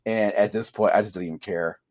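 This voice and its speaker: A man's voice: on the low side, steady tone, a little fast, crowd noise. Exasperated man ranting in casual chat. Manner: exasperated ranting, voice jumping up when frustrated; swears freely, self-interrupting. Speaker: podcast co-host.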